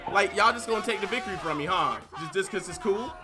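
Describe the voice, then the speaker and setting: A man's voice: high voice, lively intonation, a little fast, hardly any pauses. A man co-hosting a casual gaming chat, telling stories with energy and acting out other people's lines. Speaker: co-host, team captain.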